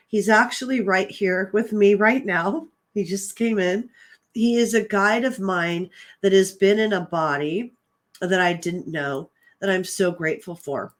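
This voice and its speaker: A woman with a fairly low voice, a host and psychic medium, tells a personal story on her own show in a casual, chatty way. Retelling conversations, she says "I'm like" and "um" a lot, sounding earnest and emotional.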